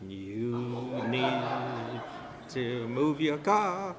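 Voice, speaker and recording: A man's voice: medium pitch, very slow, a loud crowd. An older man with a Trinidadian accent, speaking at a memorial service, telling jovial stories and laughing along with the room. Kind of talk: anecdotal eulogy with jokes. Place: funeral home service hall. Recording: long reverb in a hall.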